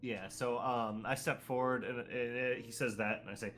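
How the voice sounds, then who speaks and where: A man's voice: mid-range voice, fairly even intonation, moderate pace, a bit bright, faint music behind. Casual young man playing a tabletop game. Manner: hesitant, casual, swears. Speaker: player.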